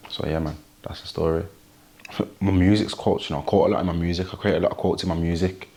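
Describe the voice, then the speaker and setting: A man's voice: low-pitched, fairly even intonation, fast, mellow. A young man with a Wolverhampton accent, a rapper talking casually in an interview, full of street slang and "you get me" tags. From Wolverhampton, England.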